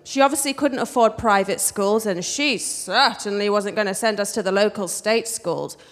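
A woman with an English accent telling a personal story on stage in a wry, expressive way. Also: medium pitch, normal speed, in a large hall. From England. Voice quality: wry, expressive, switches between posh and street voices.

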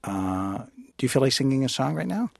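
Gravelly, husky male radio interviewer. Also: medium pitch, sing-song, a little fast, no room sound, studio quality. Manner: curious, friendly, laughs easily.

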